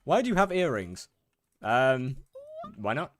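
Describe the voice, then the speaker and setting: A man's voice: medium pitch, measured pace, slight background noise. Chatty young British man streaming. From United Kingdom. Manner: relaxed, chatty, stammers and repeats words, laughs easily. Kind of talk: casual live-stream chat while gaming.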